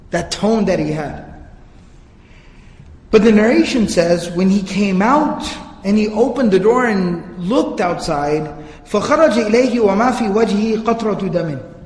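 Recorded with echoey hall reverb, a man with a high but darkish voice earnestly recounts religious history in a lecture, reciting passages in Arabic as he goes.

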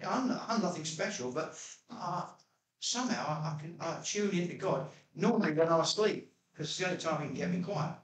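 Male pastor, chatty sermon delivery, slightly high voice, recorded off-mic in a reverberant church. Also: expressive, a little fast. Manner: chatty storytelling preacher, jumps to high pitch when quoting himself. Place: church hall. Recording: echoey church room, mic at a distance.

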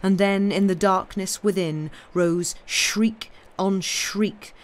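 Slow-reading woman narrator. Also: medium pitch, fairly even intonation. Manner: slow, deliberate storytelling. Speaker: reader. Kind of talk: audiobook narration on a livestream.

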